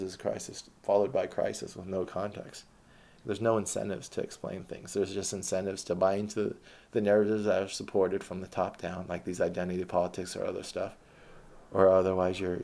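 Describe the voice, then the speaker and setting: A man's voice: deep voice, creaky, warm tone. A man delivering an impassioned political monologue, ranting with frequent restarts and hesitations. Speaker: political commentator.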